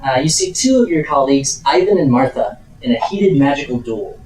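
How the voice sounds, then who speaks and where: Relaxed man running a tabletop game. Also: fairly high pitch, a little fast. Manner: relaxed, hesitant with many fillers. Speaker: game master. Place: home room with air conditioning. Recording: echoey room, far from mic.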